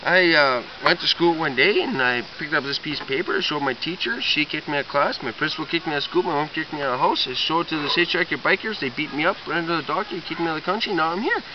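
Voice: mid-range voice, quick pace, few pauses, lightly acted. Someone playing hapless kid Lou. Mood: plaintive. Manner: rambling, listing his troubles in a rush. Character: hapless kid Lou who keeps getting kicked out. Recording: distant, dull, noisy home recording.

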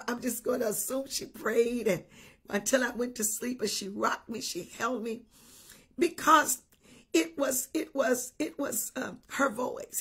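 A woman preaching a livestream sermon with a very husky, breathy voice that sits a little high. She repeats her points with emphasis, tosses in hallelujahs and calls out viewers by name. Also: fairly bright tone. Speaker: bishop preaching.

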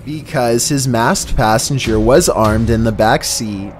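A man reading a scripted narration for a countdown video in an even, measured way. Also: mid-range voice, slight background noise.

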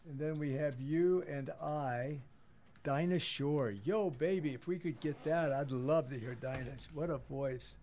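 A man's voice: on the high side, unhurried, darkish tone, a little hiss or hum. An older man hosting a live radio talk show, playful and affectionate, calling people baby and darling. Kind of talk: casual live radio chat. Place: radio studio.

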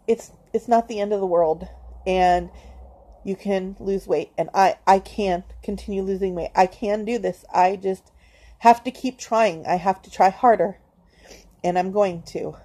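A woman speaks straight to her viewers in a confessional vlog, her voice at an ordinary middle pitch. She is hesitant, stopping and restarting often with ums. She stays earnest as she talks herself into staying positive. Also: fairly even intonation, measured pace, warm tone. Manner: self-encouraging, earnest. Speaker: vlogger.

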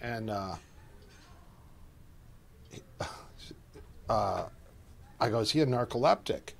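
A middle-aged man who coaches martial arts, telling casual stories in an animated way, acting out quoted voices and often restarting his sentences. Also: lowish voice, slow pace, vocal fry. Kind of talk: casual storytelling.

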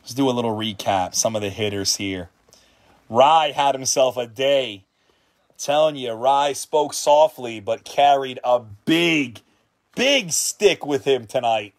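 Hours into a long stream, he's tired and hungry, yet the host of this trading card break still gets worked up and even shouts over big pulls while casually naming players. He has a medium-pitched voice and a slow pace.

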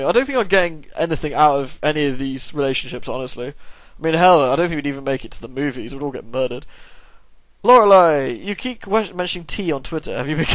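A man's voice: a little high, dry recording. A tired young man casually reading out and answering viewer questions, rambling with dry, self-deprecating humour. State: tired, yawning. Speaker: YouTube gaming channel host.

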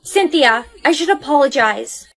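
A young woman acting out comedy skits, dramatic and whiny, mocking and quick to shriek. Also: high-pitched, expressive, creaky, fairly bright tone, rough recording. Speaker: skit creator. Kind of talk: comic POV skit acting.

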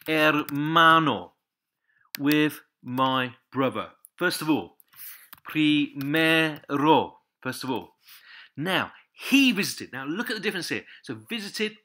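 A man's voice: medium pitch, bright, forceful tone. A man giving a patient Spanish lesson, repeating each word and pointing out the accents again and again. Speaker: Spanish teacher. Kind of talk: step-by-step language lesson.

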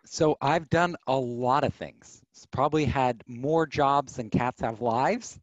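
A middle-aged man, a podcast guest, telling stories of his career in an animated way and acting out the voices of people he quotes. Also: medium pitch, takes it slowly, no room sound, lo-fi sound. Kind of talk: storytelling interview.

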